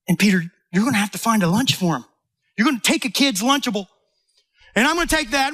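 A man's voice: very high voice, pushed and bright, voice pushed up, full character voice. A man acting out Jesus as a casual, enthusiastic man laying out his plans in slangy talk.

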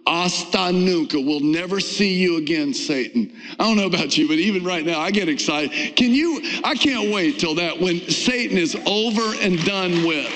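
A man preaching a sermon to a church congregation, emphatic, with drawn-out stresses and pitch that climbs on key words. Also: lively intonation, a bit bright, long reverb tail, low-quality recording. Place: church sanctuary.

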